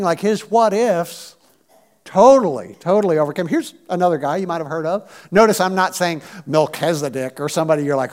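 A man preaching a sermon in a conversational, animated way, acting out quotes from scripture. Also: sits high. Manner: conversational, animated, acts out biblical quotes in voices. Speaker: pastor.

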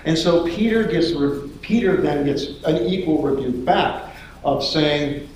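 A man preaching a sermon as lively storytelling, acting out the voices of the people in his story. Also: high-pitched, normal speed, slight background noise. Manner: animated storytelling, acts out voices. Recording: echoey hall.

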